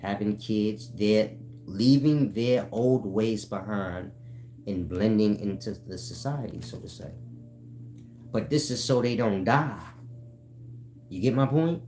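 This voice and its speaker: Man, lowish voice, casual profane explainer with faint music under it. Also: slow pace, dark tone. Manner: profane, keeps asking "you get my point?"; addresses listeners as "y'all". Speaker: channel host.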